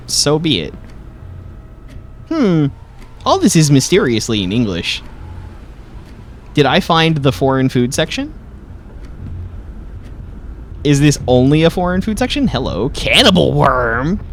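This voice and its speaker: A man's voice: on the high side, sing-song, slow pace, pauses often, slight background noise. A man giving casual, joking let's-play commentary, thinking aloud as he goes. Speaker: gaming host.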